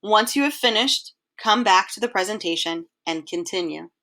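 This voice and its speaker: A woman teacher narrates a recorded slideshow lesson. She explains clearly and patiently and has an ordinary, mid-pitched voice. She slows down and measures her words when she reads lines of verse aloud. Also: expressive, bright, forceful tone.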